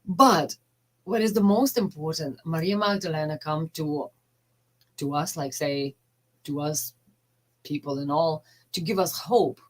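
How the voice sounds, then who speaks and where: Middle-aged woman life coach, lower register, heartfelt and faltering, casual monologue. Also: rough recording. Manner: earnest, halting, emotional, non-native phrasing.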